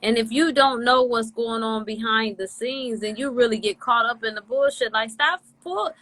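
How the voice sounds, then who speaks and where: A woman's voice: a little high, normal speed, fairly bright tone, dry recording. A woman co-hosting a casual live stream, chiming in with emphatic, profane agreement. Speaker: co-host. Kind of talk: casual livestream chat. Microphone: phone livestream.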